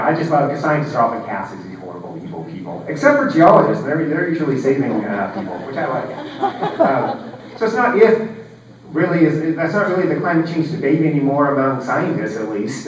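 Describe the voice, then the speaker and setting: A man's voice: medium pitch, lively intonation, brisk, slight background noise. Man lecturing in a big echoey hall. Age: 40s. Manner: conversational with frequent fillers and restarts, wry asides. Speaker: keynote speaker, geological scientist. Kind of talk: conference keynote talk. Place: large hall. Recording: echoey hall, distant and dull.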